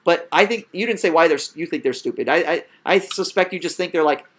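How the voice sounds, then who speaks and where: High-voiced man arguing emphatically. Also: quick pace, a bit bright. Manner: emphatic and argumentative. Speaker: podcast host. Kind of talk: casual discussion.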